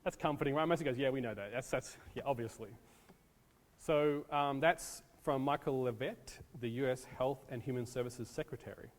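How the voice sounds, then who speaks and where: A man from the United States lectures a room, chatty and loose, dropping plenty of ums between points. His voice sits at an ordinary pitch. The sound carries a long reverb from a large hall. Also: normal speed. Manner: casual, talks to audience, many ums. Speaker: disaster preparedness presenter. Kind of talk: classroom lecture.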